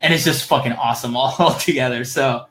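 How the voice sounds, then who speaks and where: A podcast co-host who speaks English as a second language chats loosely and casually at medium pitch and a fairly quick pace. He laughs easily and swears freely, with heavy background noise behind him.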